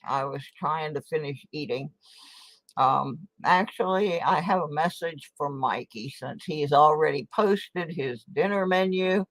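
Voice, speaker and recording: A woman's voice: low voice, measured pace, no room sound. A woman hosting a casual home livestream, chatting in a folksy way and eating as she talks into her desk microphone. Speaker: host of a coin collecting livestream.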